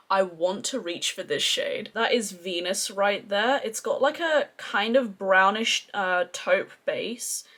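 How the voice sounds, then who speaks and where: A chatty Australian woman talks through her favourite eyeshadows in a casual beauty review. She gushes freely, sitting at an ordinary, middling pitch. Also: a bit bright. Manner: gushing, chatty, effusive. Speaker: beauty vlogger.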